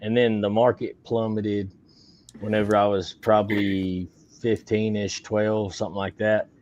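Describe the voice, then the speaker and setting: A man's voice: lowish voice, little pitch movement, measured pace, darkish tone, highs cut off, a little hiss or hum. A man casually and loosely recalling his childhood, talking in a podcast conversation. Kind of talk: casual chat.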